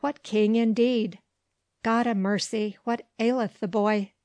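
A talkative old man, as a woman reader puts him on, rambling from one piece of gossip to the next at an unhurried pace. The storybook voice sounds close and dry. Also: on the high side, fairly even intonation, darkish tone, no echo, lightly acted. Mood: gossipy.

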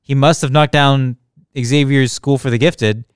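A man's voice: medium pitch, fairly even intonation, a little slow, clean tone, dry recording, studio quality. A man chatting casually on a podcast, rambling and correcting himself as he jokes along. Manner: rambling, self-correcting, joking. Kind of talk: casual chat.

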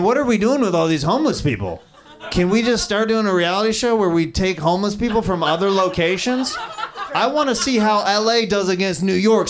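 A man doing improvised stand-up, riffing and teasing the audience on a comedy club stage. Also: high-pitched. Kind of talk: improvised stand-up crowd work. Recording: live club with laughing crowd.

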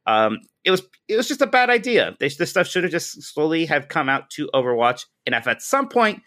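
A man co-hosting a casual podcast who gives animated opinions and laughs while talking. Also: fairly high pitch, a little fast. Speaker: podcast co-host. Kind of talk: casual chat.

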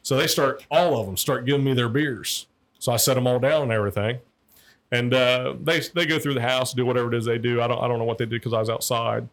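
A man's voice: mid-range voice, fairly even intonation, fast, a bit bright. A man, a former liquor enforcement agent, telling rambling, profane stories in casual chat, repeating words as he restarts sentences. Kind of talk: casual anecdotal storytelling.

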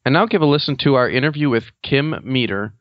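A male host introduces his guest and asks questions at a measured pace. His mid-range voice is recorded dry, with a dull, lo-fi tone. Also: mid-range voice, no room sound. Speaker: interview host. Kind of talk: scripted radio-style interview intro.

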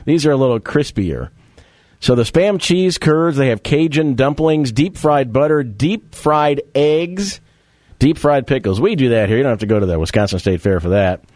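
A man's voice: mid-range voice, lively intonation, normal speed, darkish tone, no echo. A man hosting a casual radio talk show, joking and quizzing his co-host.

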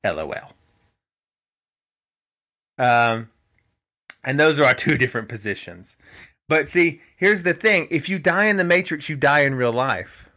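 Bright-voiced man rambling on a podcast. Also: on the high side, moderate pace. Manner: rambling, restarts, animated quoting of others. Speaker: podcast host. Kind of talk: conspiratorial casual monologue.

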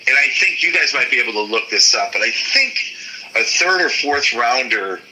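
A man from Michigan tells blunt stories about his years in the game. His voice is very bright and forceful, and he talks with animated energy. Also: mid-range voice, moderate pace, poor audio. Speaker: former football player, guest. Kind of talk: storytelling interview.

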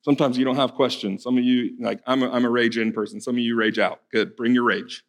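A man preaching a sermon to a congregation in a church hall, swinging from hushed pleading to loud, fervent urging. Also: mid-range voice, fairly even intonation, quick pace, hardly any pauses. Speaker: pastor.

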